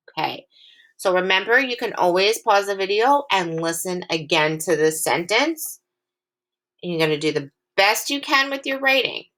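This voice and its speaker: A woman teacher giving a recorded phonics lesson to young children. She is clear, patient and encouraging, and reads the sample sentences slowly and with lots of expression. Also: on the low side, bright, forceful tone. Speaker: elementary school teacher.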